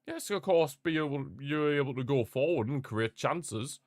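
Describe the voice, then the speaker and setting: A young man hosting a live football watchalong, chatting casually and repeating himself, with sudden bursts of excitement. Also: on the high side, normal speed, dry recording, studio quality. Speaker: watchalong host. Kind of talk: casual live match commentary.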